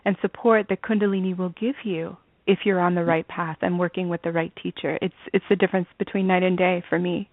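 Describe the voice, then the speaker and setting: A woman's voice: fairly low pitch, fairly even intonation, a little fast, hardly any pauses, no echo. Earnest woman on a dry phone line. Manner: earnest, laughs readily. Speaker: student and guest. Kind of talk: interview over the phone.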